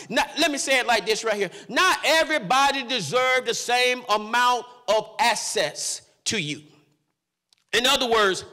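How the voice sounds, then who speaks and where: High, bright-voiced preacher in a reverberant hall. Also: male voice. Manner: preaching with call-outs to the congregation. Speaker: pastor. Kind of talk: sermon.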